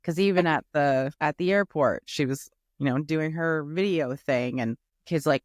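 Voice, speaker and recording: A woman's voice: low voice, moderate pace, dry recording. Skeptical woman co-host, dry close sound. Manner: skeptical, animated retelling with quoted asides. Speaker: recap podcast co-host. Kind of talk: casual chat reviewing a reality show.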